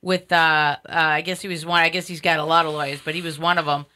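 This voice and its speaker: Bright-voiced woman, blunt and halting. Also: low voice, level tone. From Sicilian heritage. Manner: hesitant with many fillers, bluntly joking. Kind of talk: casual live-stream chat.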